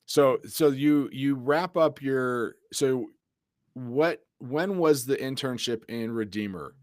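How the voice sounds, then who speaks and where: A man's voice: mid-range voice, slow, no echo. Man telling stories in a dry room. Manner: storytelling, animated, laughs often. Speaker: youth ministry podcast host. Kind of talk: casual conversation.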